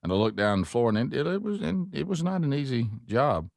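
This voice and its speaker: A man's voice: medium pitch, very animated, a little fast, gravelly, a little mellow, dry recording. A man hosting a show, telling a long, rambling, self-mocking story with many restarts. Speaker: host. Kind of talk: casual chat, storytelling.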